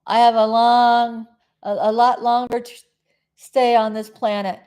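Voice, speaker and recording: A woman's voice: a little high, little pitch movement, measured pace, a little mellow, smooth. A middle-aged woman from South Florida hosting a casual live stream, chatting in a meandering way and often losing her train of thought.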